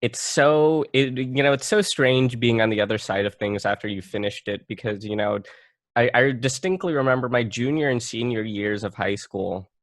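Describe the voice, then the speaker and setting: A young man with an American accent chats casually on a podcast, rambling through fillers and little asides. His voice sits at an ordinary middle pitch. The sound is close and dry. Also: normal speed, no echo. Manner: chatty, filler-heavy, playful impressions. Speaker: podcast co-host. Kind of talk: casual chat.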